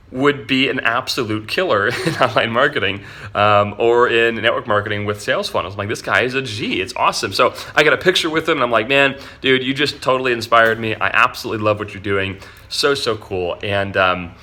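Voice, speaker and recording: A man's voice: medium pitch, pushed and bright. A man telling a story casually as an online marketing vlogger, chatty and slangy. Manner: chatty, slangy, says "dude" a lot.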